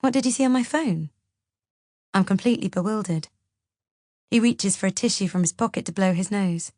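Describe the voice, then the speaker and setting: A woman's voice: medium pitch, fairly quick, dark tone, no room sound, studio quality. A woman narrating a thriller audiobook in the first person, with a tense, bewildered delivery. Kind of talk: first-person novel reading.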